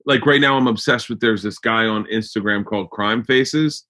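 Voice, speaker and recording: A man hosting a podcast in casual chat, talking in a rambling, excitable way and swearing freely. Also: lowish voice, normal speed. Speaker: podcast host.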